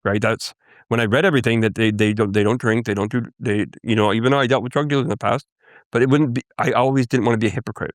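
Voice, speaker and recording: A man from Canada, a Cree guest, earnestly recounting his life in a halting interview testimony. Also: medium pitch, steady tone, no echo, clean studio sound. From Canada, First Nations Cree. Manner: earnest, halting storytelling with restarts.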